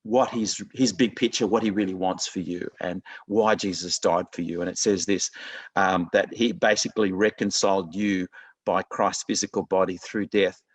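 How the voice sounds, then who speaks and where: A lower-voiced man delivers a sermon in an earnest, conversational manner. He often stops and restarts his thoughts. The sound is dry and close, with little room around it. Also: steady tone, moderate pace, no room sound. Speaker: pastor.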